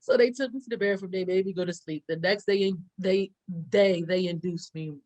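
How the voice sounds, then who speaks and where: A young adult woman co-hosting a podcast, telling a story in a lively way and acting out the quotes. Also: mid-range voice, brisk, low-quality recording. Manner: animated storyteller, acts out quotes with loud laughs. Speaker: podcast co-host. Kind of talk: casual storytelling chat.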